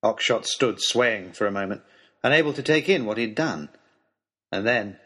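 A man telling a storybook adventure in the first person, reading with expressive, dramatic delivery. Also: fairly low pitch, moderate pace, husky. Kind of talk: scripted first-person narration.

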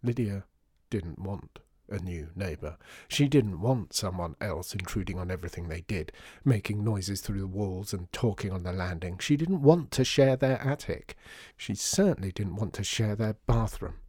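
Man reading a children's story, hushed. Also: sits low, normal speed, breathy edge, no room sound, clean studio sound. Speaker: narrator. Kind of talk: scripted narration of a children's story.

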